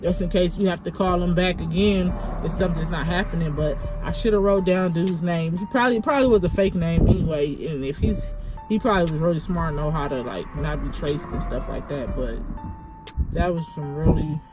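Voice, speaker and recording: A woman's voice: on the low side, a little fast, music in the background. A woman vlogger retelling a personal story in a casual, rambling way, full of "like" and "you know.".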